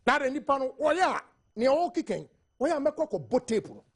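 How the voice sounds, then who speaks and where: A man's voice: extremely high pitch, sing-song, a little fast. A Ghanaian man speaking emphatically on a TV panel, switching between Twi and English. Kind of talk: TV studio panel discussion.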